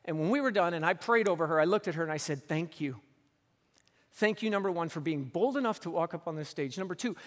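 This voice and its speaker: A man's voice: high-pitched, fairly bright tone, long reverb tail. A man preaching a sermon as pastor on a church stage, telling a story earnestly and repeating phrases for emphasis.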